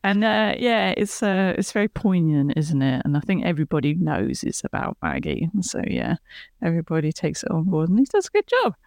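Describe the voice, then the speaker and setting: A woman's voice: lowish voice, huge pitch swings, a little fast, creaky, a little mellow, no room sound. A woman chatting casually on a podcast, retelling a TV episode scene by scene. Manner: chatty, retelling scenes with laughs and quoted lines.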